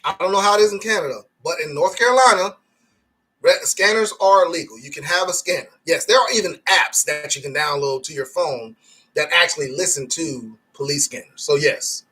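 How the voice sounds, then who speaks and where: A man hosts a casual live stream, reading viewers' comments and joking along. His voice is bright and slightly husky, pitched a little above the usual for a man. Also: fairly quick. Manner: joking, reads chat comments aloud, laughs often.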